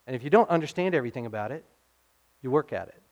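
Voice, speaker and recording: A man's voice: mid-range voice, animated, very fast, a little mellow. A middle-aged man preaching a sermon as pastor, in an earnest, conversational way, often checking in with his listeners.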